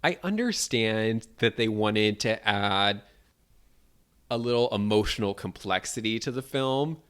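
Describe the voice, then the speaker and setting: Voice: medium pitch, animated, a little slow, fairly bright tone, clear, resonant tone. A podcast co-host who recaps the plot in casual chat, laughing often and readily agreeing. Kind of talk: casual film discussion.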